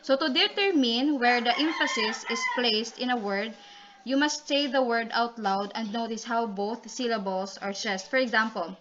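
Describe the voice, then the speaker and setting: A woman's voice: on the high side, normal speed, background noise. A woman giving a class report on poetry and calling on classmates by name. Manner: explanatory, calls on classmates by name. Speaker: student reporter. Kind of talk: class presentation. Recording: dull lo-fi recording.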